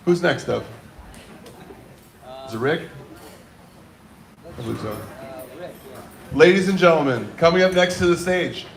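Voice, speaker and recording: Male comedy emcee, slightly high voice, playful crowd work, echoey venue. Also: lively intonation, measured pace, pauses often. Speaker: open mic host. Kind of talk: emceeing between comedy sets. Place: small bar and coffee venue. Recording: echoey live room.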